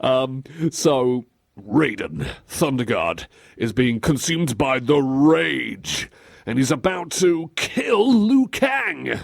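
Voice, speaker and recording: A man's voice: medium pitch, slow pace, creaky, no room sound, studio quality. A man co-hosting a radio show, chatting casually and laughing as he acts out quotes. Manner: animated and giggly, acting out quotes. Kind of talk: casual chat on air. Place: radio studio desk.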